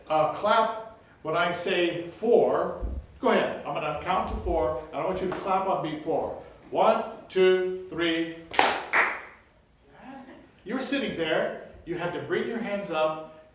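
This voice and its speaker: An older man giving a music workshop lecture, lively and demonstrative, telling stories and breaking into short sung snippets. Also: sits high. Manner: lively, demonstrative, tells anecdotes, sings snippets. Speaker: music teacher. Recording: very echoey, distant, faint hiss.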